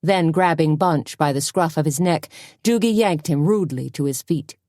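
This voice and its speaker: A woman narrating a cozy mystery audiobook in an expressive storytelling manner. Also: deep voice, normal speed, no echo, clean studio sound. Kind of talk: scripted narration.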